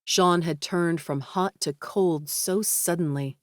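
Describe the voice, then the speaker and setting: A woman narrating an audiobook in an even, measured reading. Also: fairly low pitch, no echo. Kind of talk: scripted narration.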